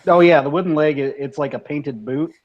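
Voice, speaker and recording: A man's voice: on the high side, brisk, lo-fi sound. A man playing a tabletop game, laid-back and chuckling as he describes his character. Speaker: player. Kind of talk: tabletop role-play.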